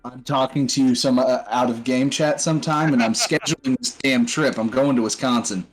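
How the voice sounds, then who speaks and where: Man, mid pitch, loose and excitable, casual break chatter, some soft music behind. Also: normal speed, rough recording. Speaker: tabletop game player. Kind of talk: casual chat during a game break.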